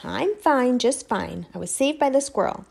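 A woman's voice: high-pitched, lively intonation, normal speed, creaky, a little mellow, pitched above the performer's own voice, full character voice. A woman voicing a kindly, rattled father in a storybook, earnest and rambling.

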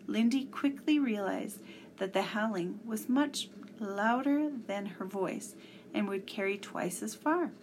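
A woman reading a children's story aloud, measured and sometimes hushed. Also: medium pitch, background noise.

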